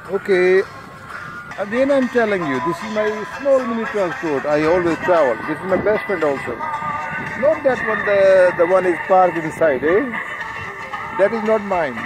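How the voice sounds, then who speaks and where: A man's voice: sits high, animated, normal speed, low-quality recording. A man, chatting casually to group members while walking a windy street, often saying "no problem" and "eh?". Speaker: vlogger addressing group members. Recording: street vlog with loud music behind. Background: music playing.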